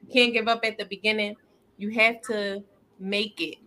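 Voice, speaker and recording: Brief: upbeat woman podcast host, bright tone, earnest faith chat, quick laughs. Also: medium pitch, little pitch movement. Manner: upbeat, earnest, laughs often, many fillers.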